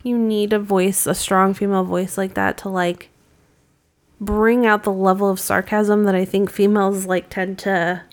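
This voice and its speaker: A woman's voice: medium pitch, level tone, normal speed. A woman in her thirties co-hosting a casual movie-review podcast, blunt and swearing freely. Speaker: podcast co-host.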